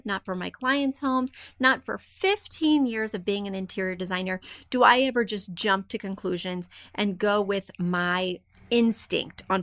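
A woman's voice: a little high, a bit bright, no echo. Chatty woman podcast host, dry close sound. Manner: chatty and self-deprecating, confident about design. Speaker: podcast host and interior designer. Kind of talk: casual advice podcast, reading listener emails. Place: small room indoors, street noise outside.

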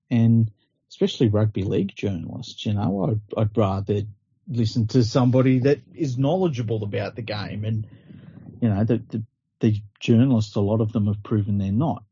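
A man's voice: fairly low pitch, lively intonation, moderate pace, dark tone, breathy edge, no echo. A man co-hosting a podcast, talking earnestly and in disbelief, swearing often. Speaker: podcast co-host. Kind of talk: casual podcast chat. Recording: dry, dull lo-fi podcast audio.

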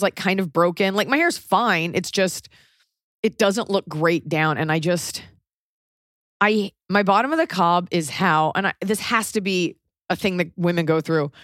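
Chatting casually on her podcast, the co-host, a woman in her thirties, is blunt and wry and slips into acted voices when quoting others. Her voice is a little low, captured close and dry with no echo.

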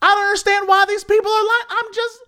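A woman's voice: extremely high pitch, flat delivery, fast, pushed and bright, pitched above the performer's own voice. A man voicing a sweet, bewildered old Southern woman who talks in a plaintive, quavering way. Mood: heartbroken.

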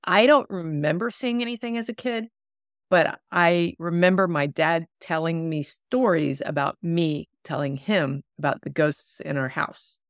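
A woman with a notably low voice hosts a relaxed interview and reacts warmly to her guest. Her questions come in an easy, conversational way, and her voice sounds close and dry, as on a video call. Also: a little slow, no room sound. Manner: attentive, affirming listener, relaxed conversational questions. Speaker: podcast host. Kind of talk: casual interview chat.

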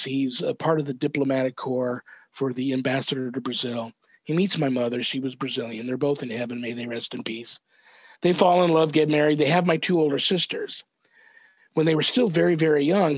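An older man, a reverend, earnestly recounting a family story as a podcast guest, measured and thoughtful with small restarts. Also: medium pitch, dry recording. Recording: dull, dry lo-fi audio.

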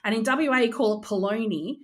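A woman's voice: a little high, fast. A woman with an Australian accent, co-hosting a casual podcast, rambling and searching for words with many fillers. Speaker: podcast co-host, nurse. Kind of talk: casual chat.

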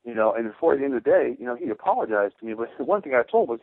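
A man's voice: mid-range voice, sing-song, rapid-fire, no room sound. A man who played pro football, co-hosting sports radio and telling a story emphatically with many repeated phrases. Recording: tinny phone-like radio broadcast, dry.

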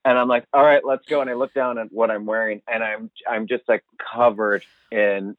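A man telling a funny story in a casual chat, animated and swearing, acting out what he said at the time. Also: on the low side, moderate pace, dry recording. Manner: animated, swearing, acts out his own quotes. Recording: dry, phone-like sound.

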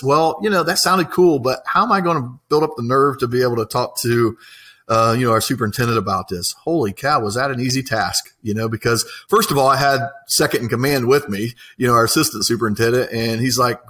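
An excited man tells a long story in a relaxed interview. His voice sits at a middling pitch, and his talk rambles, packed with fillers and restarts. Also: brisk. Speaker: apprenticeship coordinator.

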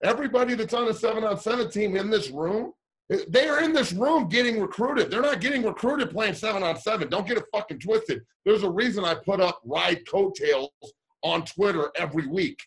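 A high school football coach ranting heatedly, blunt and swearing, fired up about his players losing their season. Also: lively intonation, a little fast, fairly bright tone, husky. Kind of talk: heated radio call-in rant.

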